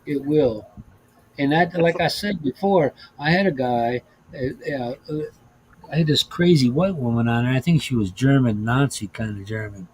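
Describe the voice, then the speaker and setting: A man's voice: medium pitch, moderate pace, breathy edge, low-quality recording. A man hosting a casual podcast, telling profane, laughing stories about driving a bus, with lots of restarts. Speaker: podcast host, former bus driver. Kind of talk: casual chat, storytelling.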